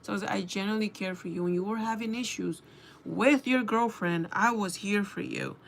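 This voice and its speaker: A young woman telling a casual storytime rant to her viewers, animated and swearing, acting out both sides of a conversation. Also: medium pitch, fairly quick, gravelly. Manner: animated, swearing, quoting herself and others. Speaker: beauty vlogger.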